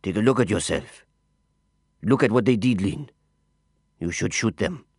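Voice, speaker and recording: A man doing a cool, dangerous Frenchman with a low, steady voice. He speaks in a clipped, quietly insistent way. The sound is dry and close. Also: measured pace, breathy edge, no room sound, exaggerated voice. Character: cool, dangerous Frenchman with a calm, commanding manner.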